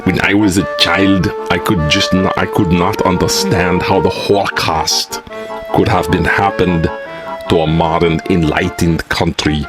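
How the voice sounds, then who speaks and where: A man's voice: sits low, fairly even intonation, unhurried. A man hosting a spoof news show, reading newspaper letters aloud and breaking in with wry, mocking asides. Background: music.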